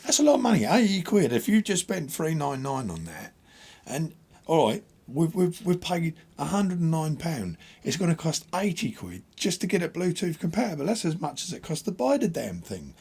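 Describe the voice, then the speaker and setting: A man hosting a casual gear demo, talking bluntly and explaining in an animated, chatty way. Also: on the high side, moderate pace, vocal fry, slightly rough. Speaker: host.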